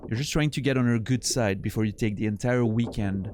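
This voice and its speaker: A man's voice: lowish voice, a little fast, noisy background. A tired, yawning man streaming a game, rambling and teasing his viewers in casual chat. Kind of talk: casual chat while playing.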